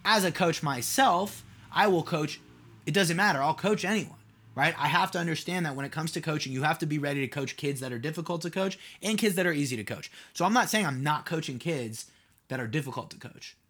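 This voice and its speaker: A man talks through his solo podcast in a loose, casual monologue. His voice sits a touch higher than most men's, and he keeps turning to his listeners with rhetorical questions, padding his thoughts with "like.". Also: expressive, fast, fairly bright tone. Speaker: podcast host and mentor.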